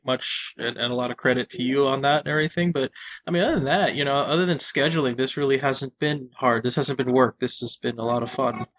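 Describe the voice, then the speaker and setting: A man's voice: medium pitch, fairly bright tone. A man co-hosting a movie podcast, talking casually with frequent small restarts. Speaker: podcast co-host. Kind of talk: casual chat.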